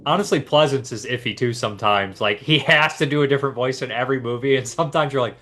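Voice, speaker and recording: A man's voice: mid-range voice, quick pace, bright, forceful tone. A man hosting a casual film discussion podcast, rambling with lots of restarts and fillers. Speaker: podcast host.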